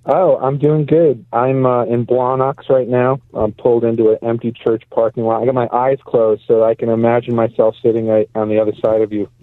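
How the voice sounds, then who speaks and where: A man's voice: mid-range voice, level tone, brisk, few pauses, no room sound. Male pastor on a phone-in, chatty storyteller, sounds like a thin call from a parked car. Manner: chatty, anecdotal, laughs easily. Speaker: guest pastor. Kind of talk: casual storytelling. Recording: tinny phone line.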